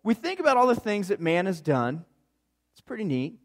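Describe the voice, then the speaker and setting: A man preaching a sermon, telling stories in an animated, chatty, playful way. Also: sits high, moderate pace. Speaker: pastor. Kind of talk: conversational sermon storytelling.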